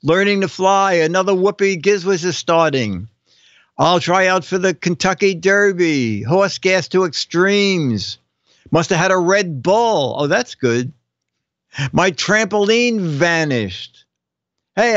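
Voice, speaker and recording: A man's voice: sits high, expressive, slow pace, fairly bright tone, no room sound, lo-fi sound. An older man hosting a casual live show, reading viewers' joke captions aloud and chuckling between them. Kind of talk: casual comedic live-stream chat.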